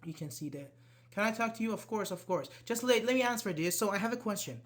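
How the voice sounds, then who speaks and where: A man's voice: high-pitched, animated, quick pace, a bit bright. A man teaching English in a live online class, answering students' questions. He is not a native English speaker, uses loose grammar, and often repeats his words. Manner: casual, talks directly to students.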